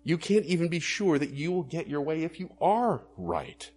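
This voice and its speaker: A man's voice: on the high side, very animated, normal speed, darkish tone. A male pastor preaching a sermon in an earnest, questioning way that rises to emphatic bursts.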